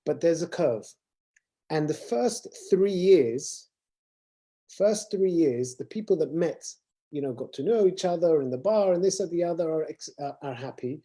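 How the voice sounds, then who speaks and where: A man's voice: fairly high pitch, expressive, moderate pace, dark tone. A man, a rabbi, explaining ideas earnestly in a casual conversation.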